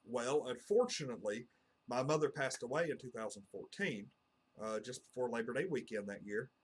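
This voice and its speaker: A man with a drawl, speaking at a middle pitch and talking straight to camera. He tells his story in an earnest, rambling way, full of "uh" and "you know.". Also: moderate pace, slightly rough. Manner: earnest, meandering, heavy on fillers like "uh" and "you know". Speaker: channel host.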